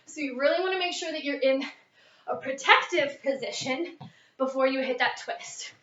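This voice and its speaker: A woman's voice: high-pitched, moderate pace, fairly bright tone. A young woman leading a workout as a fitness instructor, a little out of breath, counting reps and coaching. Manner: upbeat coaching, counting reps, mid-exercise. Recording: echoey, distant, dull lo-fi.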